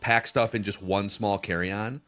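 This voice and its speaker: A man's voice: lowish voice, unhurried, clear, resonant tone, soft background music. A man hosting a sports podcast, reading listener mail aloud and chatting casually, often laughing as he reads. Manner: animated, laughs while reading. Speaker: podcast host.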